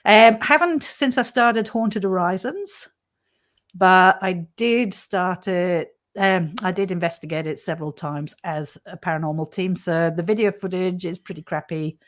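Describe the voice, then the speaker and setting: Woman livestream host, lower voice, chatty and quick to laugh. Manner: chatty, laughs often, animated storytelling. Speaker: paranormal channel host. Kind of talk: casual livestream chat.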